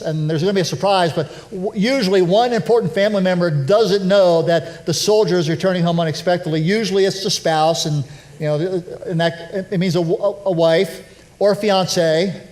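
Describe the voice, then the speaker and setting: Man, pastor, high voice, conversational sermon, animated, self-deprecating humor, church. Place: church sanctuary.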